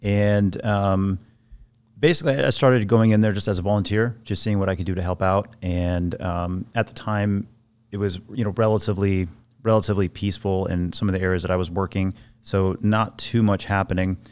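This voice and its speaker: Low-voiced man telling war-zone stories. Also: a little fast, clear, resonant tone. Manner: animated storyteller, acts out quoted voices, many restarts. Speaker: podcast guest, former Navy SEAL sniper. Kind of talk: casual storytelling interview.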